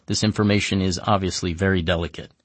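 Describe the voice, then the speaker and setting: A man voicing a brisk, businesslike male park manager delivering news. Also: low-pitched, steady tone, breathy edge, no room sound.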